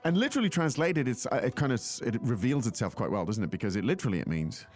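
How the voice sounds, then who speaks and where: A man's voice: mid-range voice, sing-song, fast talker, a little mellow. A man co-hosting a podcast language lesson, joking and rambling as he explains phrases. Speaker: co-host language teacher.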